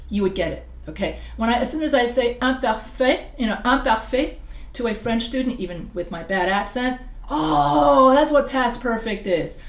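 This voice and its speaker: A woman teaching writing in a casual recorded lecture, chatty and digressive, often restarting her sentences. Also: a little high. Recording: echoey room sound.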